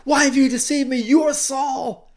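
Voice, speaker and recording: A man voicing a suspicious, frightened woman medium, high and loud. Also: fairly even intonation, a little slow. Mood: alarmed.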